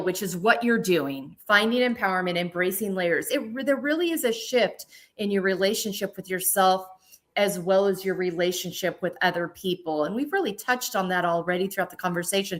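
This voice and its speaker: A woman's voice: mid-range voice, lively intonation, moderate pace, a bit bright. A woman hosting a podcast, affirming and encouraging as she responds to her guest and moves the conversation on. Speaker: podcast host. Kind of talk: conversational interview.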